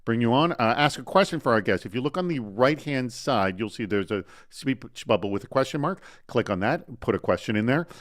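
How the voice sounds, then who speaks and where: A man hosts a live online talk show, chatty and full of energy as he goes through announcements and introduces guests. His mid-range voice moves a little fast with hardly any pauses, and there's no room sound.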